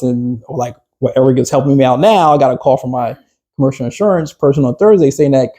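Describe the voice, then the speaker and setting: A man's voice: mid-range voice, fast talker, mellow. A man, a business coach, giving a casual workshop talk to a small group, rambling with fillers and restarts and putting questions to the group.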